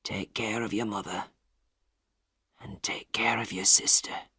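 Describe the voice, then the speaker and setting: A narrator voicing a hot-tempered older miller and father, in a lowered voice that sinks to a weak whisper as he dies, for an audio storybook. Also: fairly even intonation, measured pace, sharp tone, breathy edge, dry recording, clean studio sound, full character voice. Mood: dying.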